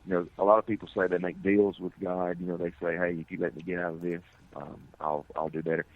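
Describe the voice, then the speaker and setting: A middle-aged man, a firefighter, giving an earnest, halting personal account in an interview, with many restarts. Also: low voice, level tone, dry recording. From United States. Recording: tinny phone-like audio.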